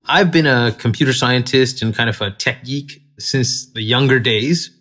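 A man's voice: mid-range voice, normal speed, a bit bright. A man being interviewed as a technology expert, explaining things in a conversational way with some fillers. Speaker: tech company executive guest. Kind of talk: interview answers.

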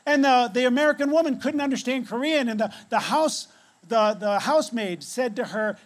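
A male pastor with a notably high voice delivers a sermon. He tells a story with dramatic pauses and lets his voice sink to a near hush on key phrases. He closes by leading a prayer. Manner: ends in prayer.

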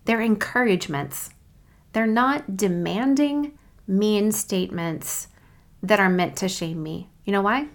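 A woman hosting a faith podcast, speaking in an earnest, reflective and encouraging way, reading scripture slowly and deliberately. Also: mid-range voice. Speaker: podcast host. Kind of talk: faith podcast devotional talk.

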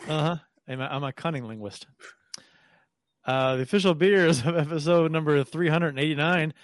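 A man's voice: on the high side, moderate pace, dry recording. Dry-voiced joking podcast host man. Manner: joking, teasing, with restarts. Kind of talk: casual chat.

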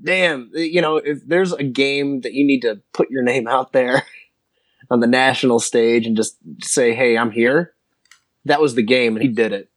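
A man's voice: medium pitch, moderate pace, dry recording. Male co-host, enthusiastic stat-quoter, close and dry recording. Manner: stat-quoting, enthusiastic, laughs easily. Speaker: podcast co-host. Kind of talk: casual sports podcast chat.

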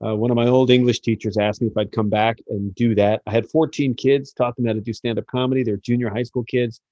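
A middle-aged American man hosts a casual podcast and tells his stories with jokes, lots of fillers and a pitch that jumps around. His voice sits at an ordinary middle pitch. The recording is dry and close, with no room sound. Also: fast talker, dry recording, muffled recording. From United States. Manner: animated storyteller, jokey, many fillers. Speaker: podcast host.

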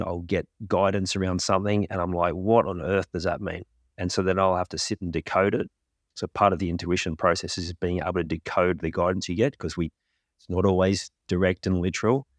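A man being interviewed as a guest on a podcast, calmly and reflectively explaining his ideas at length. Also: deep voice, no echo, clean studio sound. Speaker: podcast guest, grief coach.

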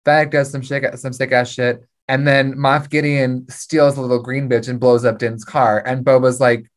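A woman in casual fan chat, recapping a show with animated storytelling and quick character impressions. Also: rumbling low. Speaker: podcast co-host.

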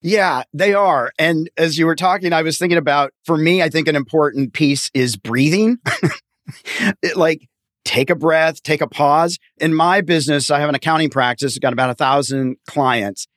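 A man's voice: fairly high pitch, normal speed, a bit bright, no room sound, clean studio sound. A man hosting an interview, chatting casually and acting out quoted voices in a friendly way. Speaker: podcast host and accountant.

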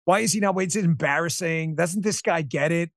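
A man guesting on an interview show, telling a personal story in an animated, emphatic way with quick restarts. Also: on the high side, no echo, clean studio sound. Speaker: podcast host and interview guest.

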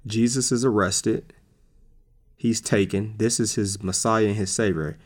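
Casual low-voiced male preacher. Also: fairly even intonation, measured pace. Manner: conversational, repeats words for emphasis. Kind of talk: casual sermon.

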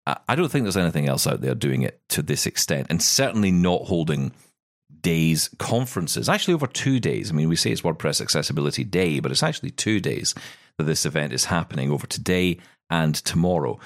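Guy hosting a tech podcast, low voice that swings around a lot, dry close mic, jokey and chatty. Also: expressive, brisk, dry recording. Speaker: podcast co-host. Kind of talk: casual tech chat. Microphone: studio mic.

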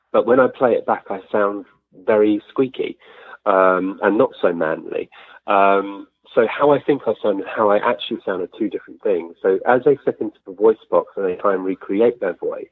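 Chatty man, deep and husky, phone-quality remote guest. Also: dry recording. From Sussex, England. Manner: chatty, animated storyteller with frequent self-corrections. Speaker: medium being interviewed. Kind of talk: conversational interview answers. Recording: dry, tinny phone-like line.

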